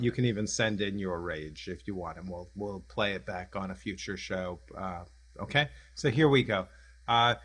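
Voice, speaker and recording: A middle-aged man hosting a casual chat over a video call, rambling with many restarts. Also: medium pitch. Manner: rambling, halting, full of restarts. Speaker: host.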